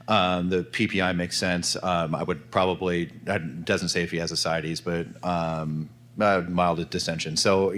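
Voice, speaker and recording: A man's voice: deep voice, a bit bright. A man answering a clinical question on a medical conference panel. He thinks aloud with fillers and restarts. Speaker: panelist physician.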